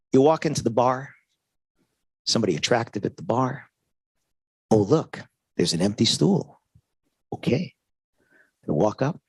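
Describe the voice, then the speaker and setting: A man's voice: medium pitch, breathy edge, no echo. A man giving a sales seminar at a trade show, talking conversationally and often checking in with "right?" while acting out little dialogues. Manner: conversational, keeps asking "right?", acts out dialogues. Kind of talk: motivational sales talk to an audience.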